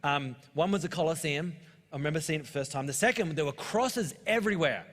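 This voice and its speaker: An Australian pastor in his thirties preaches fast in a fairly high, fairly bright voice, joking loosely with the congregation and sharing personal stories. A long hall reverb fills the sound, like a church auditorium.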